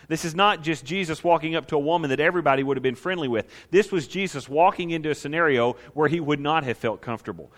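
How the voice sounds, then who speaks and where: A male pastor preaching an animated sermon who asks the audience questions and acts out scenes. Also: fairly high pitch.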